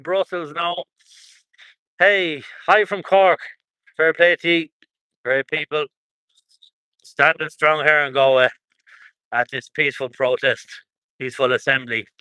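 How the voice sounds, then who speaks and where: A man's voice: fairly high pitch, sharp tone, smooth, dry recording. Chatty Irish man livestreaming outdoors. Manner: chatty, rambling, chuckles often. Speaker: livestreamer at a protest. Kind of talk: casual livestream commentary reading viewer comments. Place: outdoors at a roadside protest.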